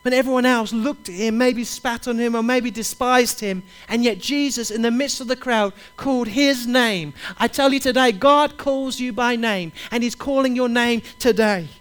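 A man's voice: very high-pitched, moderate pace, hardly any pauses, fairly bright tone, clear, resonant tone. A man preaching a sermon, urging his listeners directly and repeating his key phrases with passion. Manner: impassioned, repetitive, urges listeners directly.

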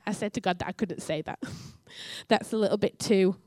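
A woman giving a sermon in church, telling a story and acting out the dialogue with lively energy. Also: medium pitch, normal speed, no room sound, studio quality. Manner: animated storytelling, acts out dialogue. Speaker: church speaker.

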